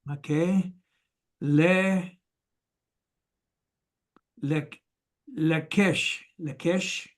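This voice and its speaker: A man practicing reading aloud, hesitantly sounding out words syllable by syllable and often clearing his throat, over a video call. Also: a little high, fairly even intonation, very slow, long pauses. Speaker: student. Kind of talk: halting read-aloud practice.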